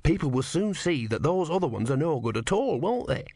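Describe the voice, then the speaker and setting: An earnest, gentle young man pleading with stern enemies. A male reader voices him a little above his own voice and keeps him soft-spoken. The recording is close and dry. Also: on the high side, very animated, a little fast, no room sound, voice pushed up.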